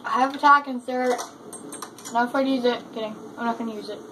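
A woman giving casual, chatty commentary while playing a shooter game, excitable and full of exclamations. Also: fairly high pitch, quick pace. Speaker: gamer. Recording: noisy gameplay capture.

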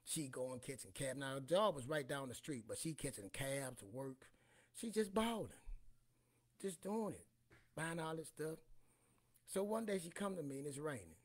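A man's voice: on the high side, expressive, normal speed. A man in his forties hosting a casual talk, rambling through personal stories and often repeating "you know what I'm saying". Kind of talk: casual storytelling monologue.

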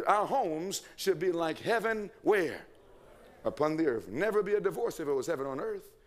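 A man preaching a sermon, asking the congregation questions, answering them himself and reading quotations aloud. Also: sits high.

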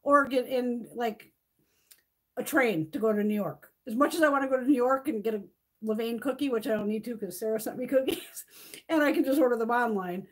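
A chatty middle-aged woman hosting a livestream, talking off the cuff and swearing freely as she tells a story. Her voice sits a little high and has a husky edge. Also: fairly quick. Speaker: beauty livestream host. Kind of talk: casual livestream chat.

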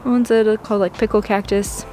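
A woman's voice: medium pitch, steady tone, fast talker, warm tone, soft background music. A woman vlogging a plant shopping trip in a store, gushing and gasping with delight, often dropping to an awed whisper. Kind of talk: excited shopping vlog. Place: big box store garden section.

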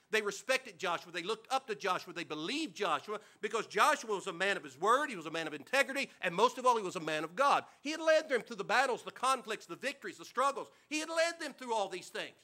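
A man's voice: extremely high pitch, bright, forceful tone. A man preaching a sermon in church, asking the congregation repeated questions and calling for amens. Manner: preaching with call-and-response questions. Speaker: pastor. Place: church sanctuary.

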